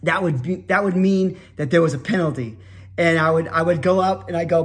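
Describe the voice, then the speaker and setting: Guy with a pretty high voice rambling through an old memory, keeps restarting, breaks out into shouty announcer bits. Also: a little fast. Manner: nostalgic, rambling with restarts, bursts into loud sportscaster shouts. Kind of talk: storytelling a childhood memory.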